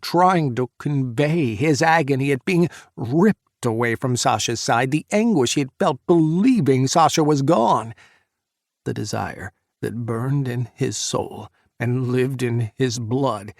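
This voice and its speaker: A man narrating an audiobook romance in a measured, intimate way. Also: medium pitch, vocal fry, no echo, clean studio sound. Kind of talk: scripted narration.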